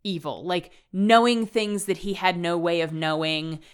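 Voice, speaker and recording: Clear-voiced woman chatting about a book. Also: fairly low pitch, unhurried. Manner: chatty, retells plot with dry asides and laughs. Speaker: podcast co-host. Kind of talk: casual book discussion.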